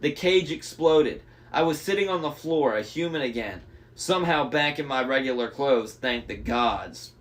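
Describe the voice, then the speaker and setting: A man's voice: medium pitch, lively intonation, normal speed. A young man reading a novel aloud, breaking off for enthusiastic, chatty fan commentary. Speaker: audiobook reader.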